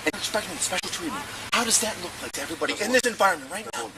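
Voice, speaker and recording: Police officer, male, high and fast, stern and scolding, noisy body-cam audio. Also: animated, a loud crowd. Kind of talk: body camera confrontation. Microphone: body-worn camera.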